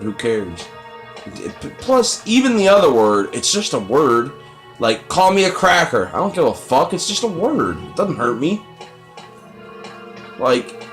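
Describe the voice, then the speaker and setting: Rambling, profane young man gamer. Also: medium pitch. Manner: rambling, profane, self-deprecating. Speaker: let's play gamer. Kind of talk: casual gameplay commentary.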